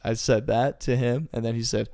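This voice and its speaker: A man's voice: mid-range voice, fairly even intonation, fairly quick, dark tone, dry recording. Young man rambling through a story, dry. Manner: rambling, slangy, says "bro" and "like" a lot. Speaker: podcast co-host, wrestler. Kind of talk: casual storytelling chat.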